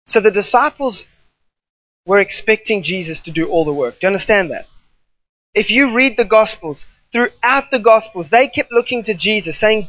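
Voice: medium pitch, animated, moderate pace, no echo. An emphatic preacher delivering a sermon, leaning on repetition and drifting into off-the-cuff asides. The recording is dry, with no room sound, and slightly dull and muffled in tone.

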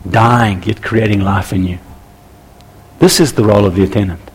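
Gravelly husky male preacher. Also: lowish voice, normal speed. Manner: animated, acts out little scenes with voices. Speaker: pastor. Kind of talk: sermon.

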